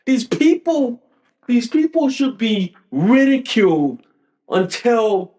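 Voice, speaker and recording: High-pitched man ranting emphatically. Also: a little mellow. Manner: emphatic, profane, repetitive ranting. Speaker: podcast host. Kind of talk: political commentary rant.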